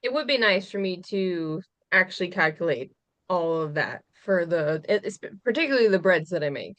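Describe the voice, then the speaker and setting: Lower-voiced woman asking questions. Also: lively intonation, moderate pace, fairly bright tone. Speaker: group member asking questions.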